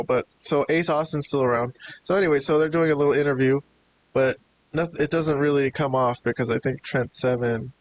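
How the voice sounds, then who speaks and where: A man giving a casual, laid-back review of a wrestling show, chatting and chuckling as he goes. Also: mid-range voice. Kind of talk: casual video review commentary. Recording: dull lo-fi with hiss.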